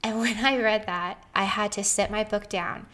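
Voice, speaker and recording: A woman in her thirties telling a personal story on a podcast, earnest and animated, often laughing as she talks. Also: medium pitch, normal speed.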